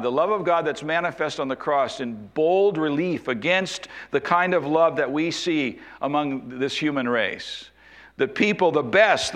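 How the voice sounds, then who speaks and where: Man preaching a slow, emphatic sermon. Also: fairly bright tone. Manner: expository preaching, slows and drops low for emphasis. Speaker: pastor.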